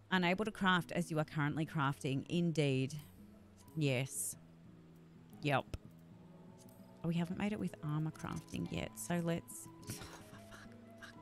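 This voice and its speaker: A woman with a sore voice, chatting casually with her live-stream audience while gaming, swearing freely and grumbling. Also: fairly low pitch.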